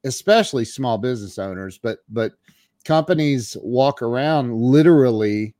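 A man's voice: medium pitch, moderate pace, dry recording, clean studio sound. A man hosting an interview podcast, chatting casually and acting out voices when he tells a story. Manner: animated storyteller, acts out voices in anecdotes. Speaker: podcast host.

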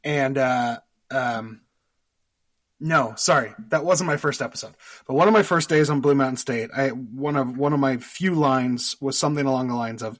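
A man's voice: medium pitch, normal speed. Canadian man telling rambling stories. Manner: rambling storyteller, laughs often, many fillers. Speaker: actor guest. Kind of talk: casual podcast interview.

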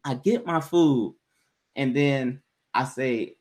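At a slow pace and medium pitch, a man chats with his co-host about something that happened to him. The telling is laid-back and slangy, picking up energy when he quotes people.

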